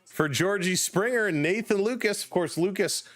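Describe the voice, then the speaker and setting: A man with a Canadian accent calling a baseball game live as a stream host, chatting with viewers between pitches. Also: normal speed, fairly bright tone, no room sound. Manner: chatty, reads viewer chat and laughs often. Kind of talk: casual play-by-play commentary.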